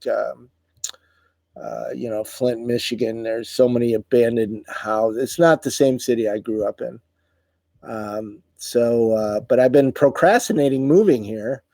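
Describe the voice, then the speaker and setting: A middle-aged man chats with viewers on a livestream, tired and stumbling through his words with many fillers. His voice is mellow and warm, recorded close and dry with no room sound. He sounds emotional and worn out. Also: mid-range voice, creaky, no echo. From United States. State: tired, voice wearing out. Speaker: livestream host. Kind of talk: casual live chat reading viewer comments.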